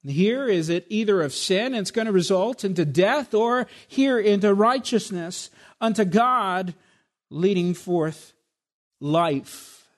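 High-voiced, slow-preaching man. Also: animated. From Spanish heritage. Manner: preaching with emphatic rhetorical questions. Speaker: pastor. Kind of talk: sermon.

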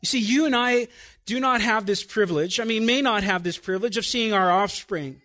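High-voiced, bright-toned preaching man. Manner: emphatic preaching with rhetorical questions to the congregation; drops to quiet, slow phrases then rises again. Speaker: pastor. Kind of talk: sermon.

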